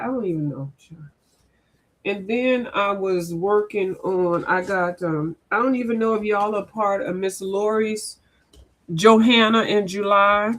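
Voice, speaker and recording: A woman's voice: on the low side, a bit bright, low-quality recording. Chatty woman on a livestream. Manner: rambling, chatty, talks straight to the viewers. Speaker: coloring channel host. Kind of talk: casual livestream chat.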